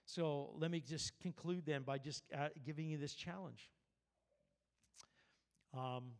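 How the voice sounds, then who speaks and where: A pastor, a man with a slightly higher-pitched voice, giving a sermon to his congregation. He speaks conversationally, drifting into personal stories and restarting his sentences as he goes. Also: takes it slowly, long pauses. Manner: conversational, anecdotal preaching with restarts and asides. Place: church service.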